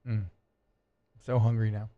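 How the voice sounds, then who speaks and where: A man hosting a casual sports radio talk show, chatting loosely and switching into hammy, drawn-out live ad reads. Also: dull audio. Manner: animated, hammy pitchman on ad reads.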